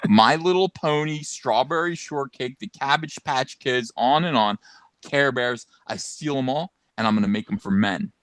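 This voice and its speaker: Loud, mocking podcast co-host, a man. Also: medium pitch, normal speed, no echo. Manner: loud, mocking and animated, with sarcastic asides. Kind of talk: casual ranting commentary.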